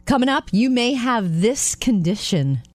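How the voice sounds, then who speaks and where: A woman's voice: on the high side, a little slow, dry recording. A woman co-hosting a radio show, chatting casually and reading light news features with a bubbly, laughing manner. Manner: bubbly, laughs often, animated storytelling.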